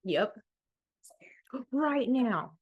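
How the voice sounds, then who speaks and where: A woman's voice: fairly high pitch, expressive, very slow, slightly rough, dry recording. An upbeat woman chatting as a podcast host, with a teasing edge. Her voice comes across muffled and dull, recorded dry with no room around it. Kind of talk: casual chat. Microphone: remote mic without its adapter.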